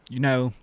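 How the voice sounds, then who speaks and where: A young man chatting casually on a stream, joking and exasperated, sometimes shouting. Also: dry recording. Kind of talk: casual chat.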